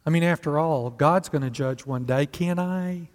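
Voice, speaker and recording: Slightly high-voiced and speaking at a normal speed, this man preaches a sermon in a conversational manner. He asks the congregation rhetorical questions while a long hall reverb trails each phrase.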